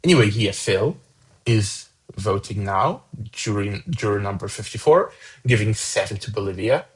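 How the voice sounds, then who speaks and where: A man's voice: fairly low pitch, expressive, normal speed, slightly rough, rough recording. A man hosting a fan song contest, casually reading out each voter's points with chatty asides. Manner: casual, chatty, upbeat about scores. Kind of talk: live commentary reading out votes.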